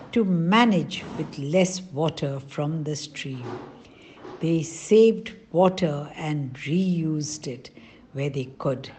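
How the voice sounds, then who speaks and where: Slow, gentle woman storyteller. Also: low-pitched, slight background noise. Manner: gentle, sing-song rhyming delivery. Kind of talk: rhyming storybook narration.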